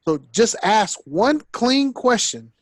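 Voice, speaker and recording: A man's voice: high-pitched, big pitch swings, takes it slowly, no room sound. A man working as a sales coach, giving blunt, direct corrections in a coaching session.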